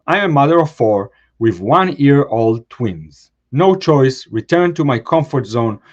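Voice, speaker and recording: A man's voice: mid-range voice, darkish tone, highs cut off. A man hosting a show, reading a post aloud in short phrases and adding brief comments of his own. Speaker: host.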